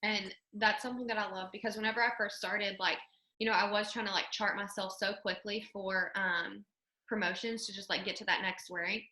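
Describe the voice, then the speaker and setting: A woman's voice: mid-range voice, fairly even intonation, a little fast, bright, forceful tone, echoey room. A woman hosting a casual motivational chat, talking freely with lots of fillers. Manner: chatty, fills with "like" and "you know". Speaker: host.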